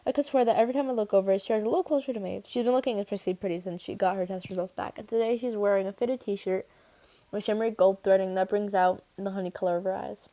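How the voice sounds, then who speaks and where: A woman reading a first-person young adult novel aloud, steady and clear, with the odd restart. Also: medium pitch, fast talker. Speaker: audiobook reader. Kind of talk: first-person audiobook narration.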